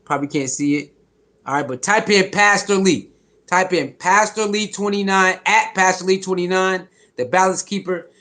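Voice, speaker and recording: On a live stream, a man with a high-set, pushed and bright voice chats casually at a normal speed. He uses loose, slangy talk, greets viewers by name and repeats his points.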